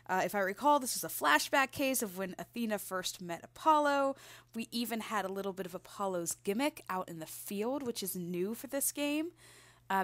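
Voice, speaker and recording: A woman's voice: mid-range voice, no room sound. A woman hosting a video game playthrough, chatting casually and trailing into asides. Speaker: let's play host.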